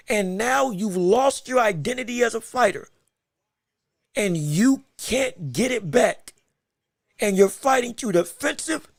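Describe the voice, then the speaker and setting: A male podcast host giving live watch-along commentary on a fight, excitable and emphatic, shouting encouragement with a strained voice. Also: very high voice, creaky, no echo, studio quality. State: straining his voice.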